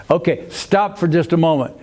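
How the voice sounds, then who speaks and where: A man's voice: fairly high pitch, a little slow, darkish tone. An older man teaching a Sunday school Bible class in a folksy way, often asking the class questions and restarting his phrases.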